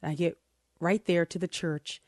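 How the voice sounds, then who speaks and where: A middle-aged woman co-hosting a casual chat, telling a story in an animated, self-deprecating way and laughing as she goes. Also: lowish voice, normal speed, no room sound, studio quality. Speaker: co-host.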